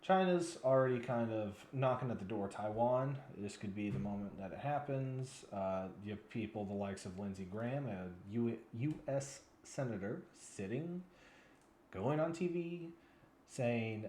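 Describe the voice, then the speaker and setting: A man's voice: mid-range voice, lively intonation, a little slow, darkish tone, roomy sound. A man in his twenties giving rambling, frustrated commentary as a news vlogger, sounding weary and yawning now and then. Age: 20s.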